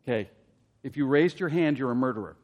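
A man preaching a sermon as pastor, asking the congregation direct questions and building to loud, emphatic peaks. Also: medium pitch, lively intonation, brisk, muffled recording.

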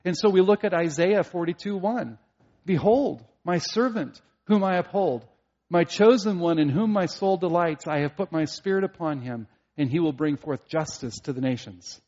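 A man preaching a sermon as a pastor, earnest, at times rising to emphatic preaching and at times dropping quiet. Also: fairly high pitch, moderate pace, lo-fi sound.

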